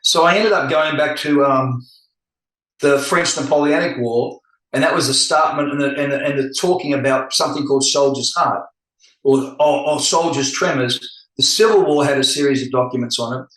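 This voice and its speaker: A middle-aged man talking candidly as a podcast guest, animated and acting out the voices he quotes. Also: medium pitch, moderate pace. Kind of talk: casual podcast conversation. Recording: echoey room.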